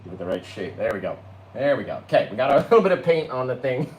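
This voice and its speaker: Chatty man with a lively voice. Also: medium pitch, reverberant, poor audio. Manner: chatty, addresses viewers as "guys"; talks through each brushstroke step by step. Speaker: painting instructor. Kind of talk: live painting tutorial.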